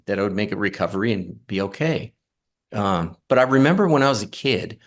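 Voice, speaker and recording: A middle-aged man with a somewhat low voice recounts his experience in a casual, earnest way. He pauses often, restarts his sentences and fills the gaps with ums and uhs. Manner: earnest, halting, many fillers and restarts. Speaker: near-death experience guest. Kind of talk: casual storytelling.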